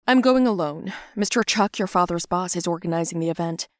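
A woman voicing a firm but loving mother in an animated story, matter-of-fact in tone. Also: on the low side, fairly quick, no echo, clean studio sound, natural voice.

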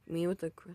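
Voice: dark tone, no room sound. Casual YouTuber reacting to comments, self-mocking, recorded dry at a home mic. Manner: self-deprecating, rambling, reacts aloud. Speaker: YouTuber reading viewer comments.

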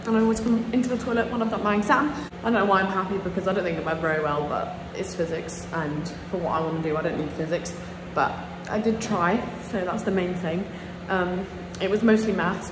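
A woman's voice: lowish voice, noisy background. A teenage girl vlogging casually in an upbeat, chatty way. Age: teens. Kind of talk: casual vlog chat. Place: school toilets and corridors. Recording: echoey rooms with crowd chatter.

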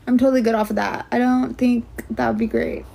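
A woman's voice: fairly high pitch, little pitch movement, fairly quick, vocal fry, warm tone. Rambling young woman streaming live. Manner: rambling, with many "like" fillers. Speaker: livestreamer. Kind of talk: casual livestream chat.

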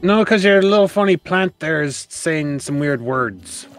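Pirate captain, grumpy and stubborn, calling people lass, played by a gamer in a role-play; lively pitch. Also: unhurried, soft background music, lightly acted. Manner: pirate talk, calls people lass and lad.

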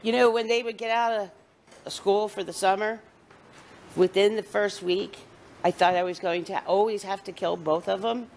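A middle-aged woman chats casually with her family while filming at a horse barn, laughing often. Her mid-range voice is steady and somewhat dark, at a normal speed, and the recording is clear with outdoor barn noise in the background.

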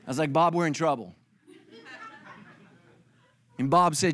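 A man's voice: fairly high pitch, unhurried, pauses often, fairly bright tone, a faint crowd. A middle-aged male pastor giving a comedic sermon, acting out other people's lines for laughs.

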